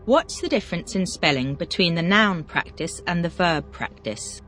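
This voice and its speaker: Lively-toned teacher voice running a drill. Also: mid-range voice, faint music behind. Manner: reads single words, then brisk drill questions. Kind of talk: scripted question-and-answer drill.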